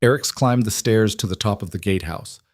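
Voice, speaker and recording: A man narrating a dark fantasy story in measured, clipped dramatic phrases. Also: on the low side, no echo, clean studio sound. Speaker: audiobook narrator.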